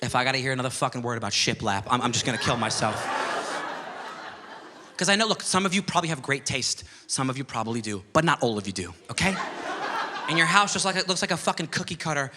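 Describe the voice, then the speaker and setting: A young man doing a profane, ranting stand-up routine on a club stage, bursting into loud outbursts. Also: mid-range voice, lively intonation, fast. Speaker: stand-up comedian. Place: comedy club stage with a laughing audience. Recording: live club audio with crowd laughter and room noise.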